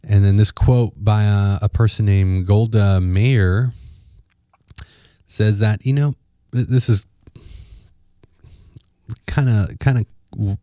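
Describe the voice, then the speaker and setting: A man's voice: fairly low pitch, steady tone, takes it slowly, pauses often, mellow, no room sound, clean studio sound. A man hosting a solo opinion podcast, talking conversationally and restarting phrases as he thinks aloud. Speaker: podcast host.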